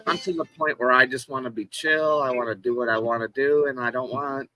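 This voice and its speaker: A man in casual conversation, swearing freely and retelling a roadside run-in with animated energy. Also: mid-range voice, fairly quick, no echo, soft background music, poor audio. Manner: profane storyteller, animated retelling of a confrontation. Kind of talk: casual chat.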